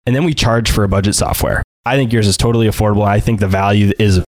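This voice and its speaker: Low-voiced male podcast host, dry. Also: steady tone, fast, dry recording. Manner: friendly, relatable, asks long lead-in questions. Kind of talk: interview hosting.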